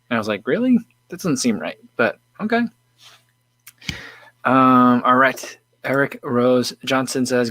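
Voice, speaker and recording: A man's voice: medium pitch, fairly bright tone, no room sound. Easygoing man hosting a casual livestream. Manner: easygoing, rambling with many fillers and restarts. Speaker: livestream host. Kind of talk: casual livestream chat, tasting beer and reading comments.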